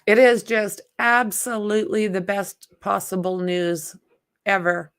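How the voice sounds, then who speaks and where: A woman hosts a relaxed true-crime livestream in an unhurried, gravelly voice. She chats, greets viewers by name and reads comments aloud, and she is blunt with spammers. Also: mid-range voice. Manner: outspoken and exasperated with spam commenters. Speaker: livestream host.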